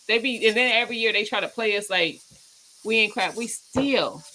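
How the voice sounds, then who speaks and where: Chatty home-cooking host, a woman, bright tone and faint room noise, animated fan banter. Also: fairly high pitch, moderate pace, poor audio. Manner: animated, trash-talking football fan. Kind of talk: casual livestream chat.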